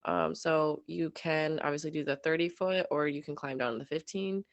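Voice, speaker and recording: Giggly young woman with vocal fry. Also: low voice, fairly even intonation, moderate pace, no room sound, lo-fi sound. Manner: giggly, says um a lot. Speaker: podcast co-host. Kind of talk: casual recap chat.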